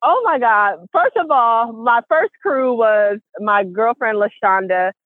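A woman hosting a casual group call, chatty and lively, laughing often while walking. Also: fairly high pitch, slow pace, dry recording. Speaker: host. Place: outdoors walking. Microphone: phone. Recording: tinny phone line, dry.

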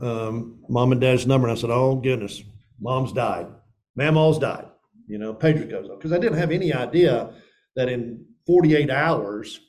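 A man in his seventies from Tennessee, a pastor giving a sermon in a relaxed, personal storytelling way that talks straight to his listeners. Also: mid-range voice. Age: 70s. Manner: casual, personal storytelling, addresses listeners as guys and dude.

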